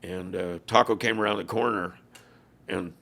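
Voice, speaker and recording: Gravelly low-voiced older man telling stories. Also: steady tone, normal speed, bright, forceful tone. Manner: gravelly, acts out quoted dialogue. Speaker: former biker club leader, guest. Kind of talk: storytelling in a podcast interview.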